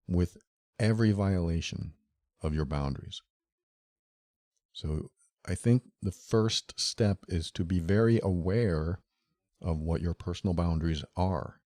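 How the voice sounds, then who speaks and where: A low-voiced man talks earnestly through a solo podcast episode. He speaks straight to the listener and circles back to his key phrases again and again. The sound is close and dry, with no room around it. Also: a little mellow, no room sound. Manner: earnest, repetitive, addresses listener directly. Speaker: podcast host. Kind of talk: solo podcast talk on relationships.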